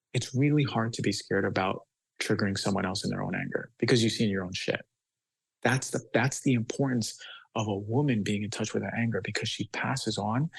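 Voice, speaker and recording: A man's voice: fairly low pitch, gravelly, husky, no room sound, rough recording. A man speaking as a guest doctor on a podcast, talking with passion and force, now and then acting out children's voices. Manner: emphatic, acts out children's voices.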